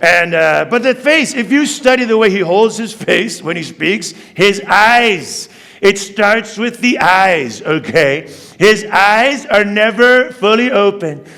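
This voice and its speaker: High-voiced, gravelly stand-up comedian. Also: male voice, slow. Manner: animated, ironic, addresses the audience. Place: comedy theater stage. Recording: long reverb of a stage hall.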